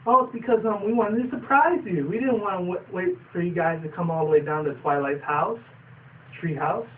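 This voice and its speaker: A man voicing a small young male dragon who is eager and nervous, rushing through stumbling excuses. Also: sits high, a little hiss or hum, close to an everyday voice. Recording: distant tinny phone-like sound.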